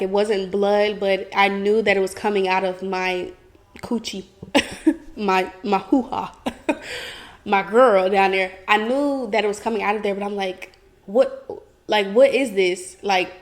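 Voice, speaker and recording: Candid chatty young woman host. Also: mid-range voice. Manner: candid, chatty, giggly, full of "like". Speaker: podcast host. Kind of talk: casual confessional chat.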